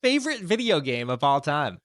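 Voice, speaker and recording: A man's voice: fairly high pitch, very animated, fairly quick, a bit bright, no room sound, clean studio sound. A young man co-hosting a podcast, easygoing and joking, mostly giving short replies. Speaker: podcast co-host. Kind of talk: casual podcast chat.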